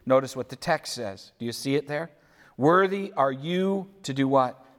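A man preaching a sermon, deliberate and questioning, addressing listeners who worship at home. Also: medium pitch, expressive, a bit bright. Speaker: pastor. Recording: echoey hall reverb.

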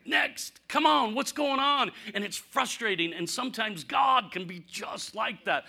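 A man preaching a conversational sermon, candid and humorous, asking rhetorical questions and swinging from punchy lines to near-quiet asides. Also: very high-pitched, measured pace, creaky, few pauses, breathy edge. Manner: animated, rhetorical questions, sudden drops to quiet; candid, self-deprecating humor. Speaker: pastor.

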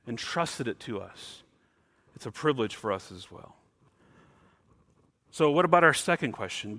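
A man preaching a sermon as pastor, emphatic, swinging between loud stressed words and quiet, low asides.

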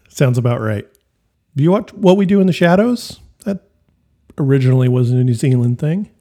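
A man's voice: medium pitch, expressive, moderate pace, dark tone. A man co-hosting a podcast in casual, jokey chat, recorded on a home office mic. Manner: chatty, jokey, laughs often. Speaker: podcast co-host.

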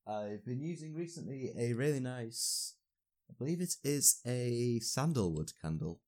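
A man's voice: mid-range voice, animated, a little slow, a little mellow. A young man, a university student, chatting casually and rambling a little with fillers. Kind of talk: casual podcast chat.

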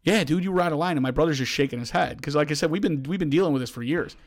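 Animated man telling a story. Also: fairly high pitch, racing. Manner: animated, acts out quoted voices, frequent restarts. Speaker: podcast host. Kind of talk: casual storytelling chat.

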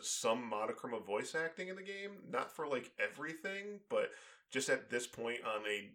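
A man with a bright, forward voice, chatting casually. He rambles through his points and leans on plenty of "like" and "um". His pitch sits in the middle range for a man. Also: sing-song, moderate pace. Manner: rambling, full of "like" and "um". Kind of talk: casual chat.

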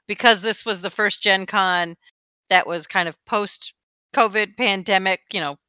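A woman co-hosting a gaming podcast in casual chat, expressive and playfully dramatic. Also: mid-range voice, unhurried, clean tone, no echo, dull audio. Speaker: podcast co-host.

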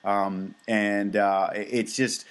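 A man's voice: lowish voice, little pitch movement, takes it slowly. Rambling American man in casual chat. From United States. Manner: rambling, many fillers and restarts. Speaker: podcast co-host.

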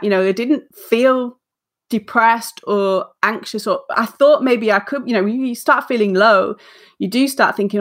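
Guesting on a relaxed podcast, this author in her forties has a fairly high, slightly bright voice at a moderate pace. She recounts a story with energy, voicing her inner self-talk and chuckling at herself.

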